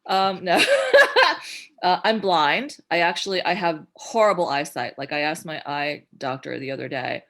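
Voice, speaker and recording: A woman's voice: deep voice, moderate pace, few pauses. Blunt, foul-mouthed woman telling stories. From Newark, New Jersey, USA. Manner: blunt, swears freely, animated storytelling with voiced quotes. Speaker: filmmaker guest. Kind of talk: candid interview conversation.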